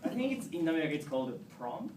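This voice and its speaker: A man's voice: fairly high pitch, sing-song, rapid-fire. A young man from Japan, speaking English with a Japanese accent, gives a casual, hesitant talk to an audience with many fillers and restarts. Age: young adult. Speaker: returning exchange student. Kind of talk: informal presentation to an audience. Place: meeting hall. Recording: echoey room, recorded from a distance, noisy.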